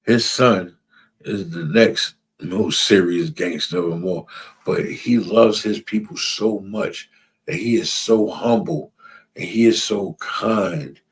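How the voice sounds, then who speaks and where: Husky low-voiced man preaching emphatically. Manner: emphatic, repeats phrases, asks "you understand?"; reads out scripture verses. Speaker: religious class teacher. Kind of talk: preaching to a class.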